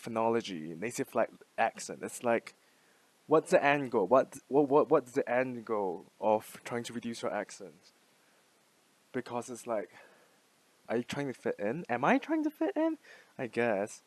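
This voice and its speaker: A young man in his twenties muses aloud in a loose, unscripted monologue, padding his thoughts with fillers and dropping casual swear words between laughs. His voice sits at an ordinary middle pitch for a man. The sound is dry and close, with no room echo. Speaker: language-learning vlogger.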